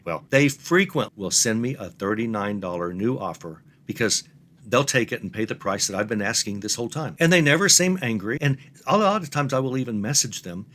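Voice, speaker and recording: A man's voice: fairly low pitch, expressive, fairly quick, a bit bright. A middle-aged man, giving an earnest step-by-step lesson on reselling. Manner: plain, earnest, explains step by step. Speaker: online reselling instructor. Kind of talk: instructional talk to camera.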